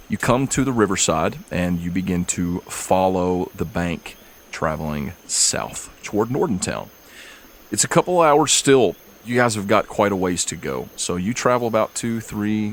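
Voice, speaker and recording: A man running a tabletop game as game master, narrating in a relaxed, easygoing way with fillers. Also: deep voice, moderate pace, a little hiss or hum.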